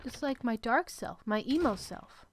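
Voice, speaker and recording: A woman streamer playing through a horror game, reacting in an expressive way. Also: a little high, normal speed, slight background noise. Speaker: gameplay streamer.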